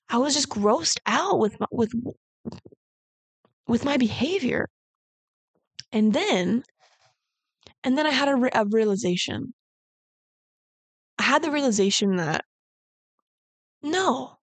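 A woman's voice: a little high, no echo. Candid young woman, dry close mic. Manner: candid, rambling, heavy use of "like". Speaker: podcast host. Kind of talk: casual personal storytelling.

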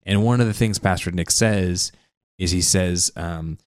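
A man's voice: deep voice, a little slow, smooth, no room sound, clean studio sound. A man co-hosting a podcast, chatting casually and recapping an anime episode, often acting out the characters' lines. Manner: relaxed, recaps scenes by acting out quotes. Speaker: podcast co-host.

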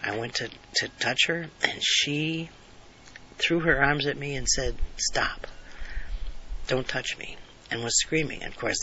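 A man speaking earnestly in a bright, forceful voice as he reflects on his own life, repeating phrases and sometimes sinking almost to a whisper. The recording sounds a little dull, with a faint hiss underneath. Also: mid-range voice. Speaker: speaker telling a personal story. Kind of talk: reflective personal storytelling.

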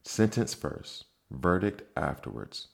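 A man's voice: very deep voice, very animated, slow, vocal fry, full character voice. A man voicing a furious, bossy queen who barks commands.

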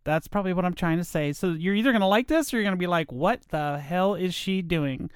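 Chatty woman host with a smooth, dry voice. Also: on the low side, fairly quick, no room sound. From Virginia, US. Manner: chatty and self-deprecating, rambling with restarts. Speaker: podcast host, former radio voiceover artist. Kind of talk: casual chat.

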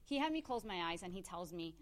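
A woman's voice: fairly low pitch, quick pace, slight background noise. Woman in her thirties telling her story. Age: 30s. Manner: animated storyteller acting out quoted dialogue, laughs often. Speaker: podcast guest, hairstylist and entrepreneur. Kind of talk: casual interview storytelling.

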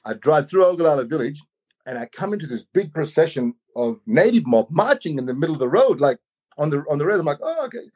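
A man telling a personal story in an animated way, often saying "you know". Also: fairly high pitch, quick pace, highs cut off. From Australia. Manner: animated, acts out quoted voices, many "you know"s.

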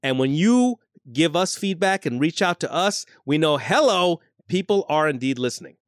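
A man with a fairly high, very animated voice co-hosting a casual podcast. He is agreeable and quick to laugh, and the recording sounds dry and close. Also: dry recording. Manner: lively, agreeable, laughs while talking. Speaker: podcast co-host.

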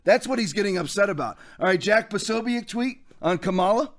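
A man's voice: sits high, animated, a little fast. A man hosting his own podcast, delivering an emphatic political commentary monologue in a preachy tone, with Bible verses read aloud. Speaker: podcast host.

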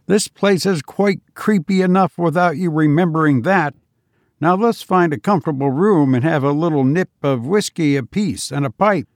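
A man doing a fussy, grumbling gentleman, pitched up. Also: normal speed, no echo, clean studio sound, close to an everyday voice. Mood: wry. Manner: grumbling, wry. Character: fussy comfort-loving man complaining about the outing. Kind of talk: audiobook character voice.

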